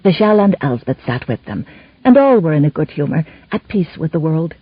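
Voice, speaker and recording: A woman narrating a historical romance audiobook in an expressive storytelling manner, in a slightly muffled recording. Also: deep voice, brisk, breathy edge, no room sound. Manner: expressive, even-toned storytelling. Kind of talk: scripted narration.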